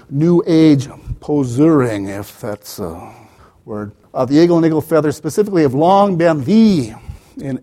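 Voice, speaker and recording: A man's voice: mid-range voice, warm tone. A man giving an academic lecture as the author, digressive, with wry asides and many "you know" fillers.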